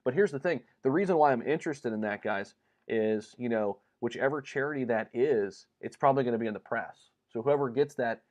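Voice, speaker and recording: A man hosting a casual livestream, chatty and upbeat, filling pauses with ums and uhs as he talks to viewers. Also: medium pitch. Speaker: crypto livestream host.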